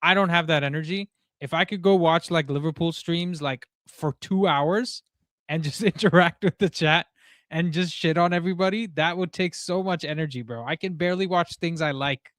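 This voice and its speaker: A young man hosts a live football stream, loose and animated, dropping "bro" and "like" as he goes. He sounds worn out from too little sleep. His voice sits a little high and comes across dry and close, with no room around it. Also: no room sound. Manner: animated, talks fast, says "bro" and "like" a lot. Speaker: host of a live call-in football show. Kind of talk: casual live-stream chat.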